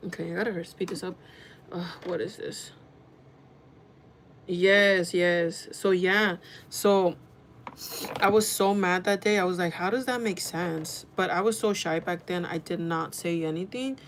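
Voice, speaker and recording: A woman telling a casual storytime vlog, chatty and animated, swearing freely and talking in quick bursts. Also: fairly low pitch, slight background noise. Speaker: vlogger.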